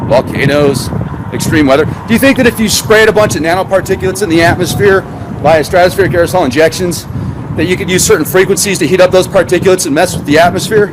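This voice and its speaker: A man talks casually while driving, sarcastic and rambling, tossing questions out to his live chat. His voice sits high for a man. Road and wind noise run loudly under everything. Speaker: live-stream host. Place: in a car on the road. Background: car and wind noise.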